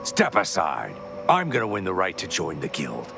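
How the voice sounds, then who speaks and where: An actor playing a boastful male thief with a gravelly voice. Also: sits low, huge pitch swings, moderate pace, music in the background, exaggerated voice.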